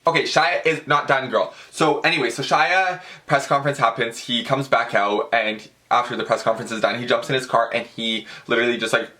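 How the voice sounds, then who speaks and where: This young male vlogger has a medium-pitched voice and a fairly quick delivery with hardly any pauses. He gushes through a story in a chatty, dramatic way, saying "like" in every line and calling viewers "girl."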